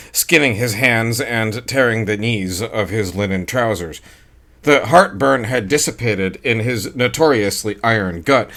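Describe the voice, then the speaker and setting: A man's voice: medium pitch, a bit bright. Man reading a dry horror story. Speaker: audiobook narrator. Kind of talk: scripted narration.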